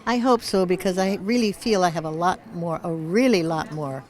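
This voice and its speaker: A woman in her eighties, an award honoree, answers a red-carpet interview with a lowish, darkish voice at normal speed. She rambles, jokes and chuckles often, wandering off and searching for words.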